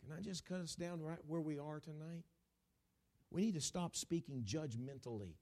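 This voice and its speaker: Speaking a little high and at normal speed, this middle-aged pastor addresses his congregation head-on. His sermon lurches between booming bursts and almost whispered lines, and he often repeats or restarts words.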